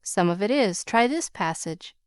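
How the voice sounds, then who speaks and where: A woman voicing a kind young male tutor who talks in a gentle, encouraging way. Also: mid-range voice, expressive, moderate pace, clean tone, no room sound, clean studio sound, close to an everyday voice.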